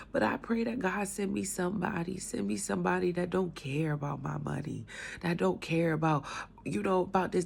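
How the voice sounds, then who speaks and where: A woman with a cold telling her faith testimony in a casual, animated way, moving between loud outbursts and hushed whispers. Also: mid-range voice, gravelly, slightly rough. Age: adult with a young son. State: has a cold, coughing. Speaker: speaker sharing her testimony.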